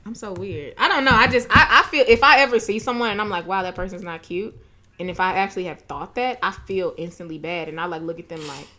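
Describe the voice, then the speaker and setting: A woman's voice: mid-range voice, quick pace. A woman, co-hosting a casual chat and telling stories with lots of laughter. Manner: animated storytelling, laughs often. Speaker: podcast co-host.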